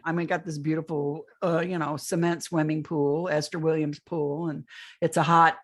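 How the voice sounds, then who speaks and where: A woman's voice: deep voice, fairly even intonation, moderate pace. An older woman, a podcast interview guest, telling a long first-person account of a strange experience, rambling and often restarting her phrases.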